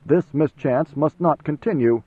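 A nervous, tightly wound messenger, as a man puts him on, speaking in a controlled, urgent hush. The voice sits a little high and comes through a dry, tinny, phone-like band. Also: a little slow, breathy edge, dry recording. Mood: tense. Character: tense, fearful male court messenger.

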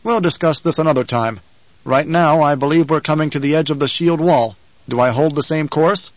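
A man's voice: fairly high pitch, fairly quick, dry recording, dull audio, natural voice. A man voicing a confident nobleman in an audiobook, firm and probing in how he talks. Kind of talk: audiobook character reading.

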